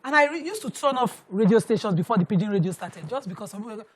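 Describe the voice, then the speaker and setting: A woman's voice: mid-range voice, lively intonation, fast, breathy edge. A Nigerian woman co-hosting a talk show, speaking bluntly and animatedly and dropping Pidgin phrases into her English. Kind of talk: studio panel discussion.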